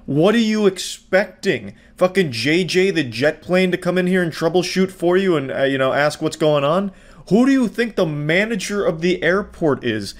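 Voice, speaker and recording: A man's voice: on the high side, lively intonation, normal speed. A man hosting a casual reaction commentary, sarcastic and profane. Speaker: commentary channel host.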